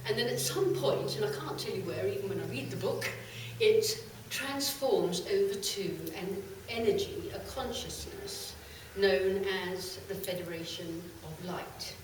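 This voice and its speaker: Middle-aged woman speaker, expressive storyteller, heard from a distance in a very echoey hall. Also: medium pitch, unhurried, slight background noise. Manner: lively, animated storytelling with bursts of laughter. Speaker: channeler giving a talk. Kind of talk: storytelling talk to a live audience.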